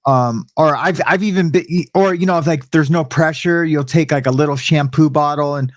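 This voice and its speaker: A man's voice: fairly high pitch, moderate pace, no room sound. Laid-back man on a dry mic. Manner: laid-back, laughing, acts out quoted voices. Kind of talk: casual live talk show chat.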